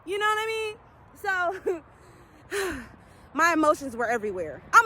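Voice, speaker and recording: A woman talking through a casual, emotional TV episode recap, shrieking at big moments and dropping to quiet murmurs at sad ones. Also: extremely high pitch, moderate pace. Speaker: TV recap vlogger. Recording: steady background traffic noise.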